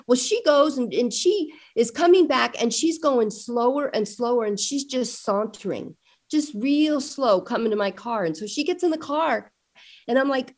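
A middle-aged woman, a parent guest in an interview, telling family stories with lively acted-out dialogue. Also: on the high side, moderate pace. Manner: animated storyteller acting out family dialogue. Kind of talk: conversational interview storytelling.

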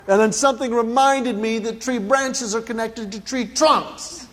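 A man's voice: very high voice, moderate pace, few pauses, fairly bright tone, a faint crowd. A man telling a humorous personal story to an audience, animatedly acting out his own panic. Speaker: speaker. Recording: hall reverb, faint background noise.

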